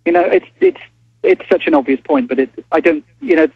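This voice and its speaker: A man, a journalist calling in to a talk show, speaking haltingly with many restarts before pressing his point. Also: fairly high pitch, huge pitch swings, gravelly, husky, dry recording. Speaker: newspaper journalist guest. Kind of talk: phone-in interview. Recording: dull phone line.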